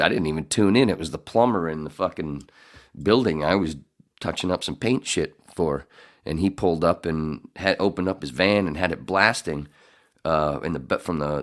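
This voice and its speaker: A middle-aged man hosting a podcast in casual chat, rambling and swearing, often laughing. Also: sits low. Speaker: podcast host.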